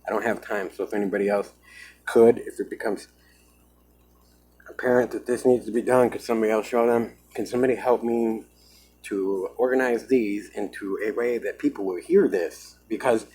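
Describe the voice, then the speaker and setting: A man's voice: on the low side, moderate pace, warm tone, slightly rough, rough recording. A man talking to his own camera in an agitated, emphatic vlog monologue, often saying "man". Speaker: vlogger. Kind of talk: self-recorded vlog monologue.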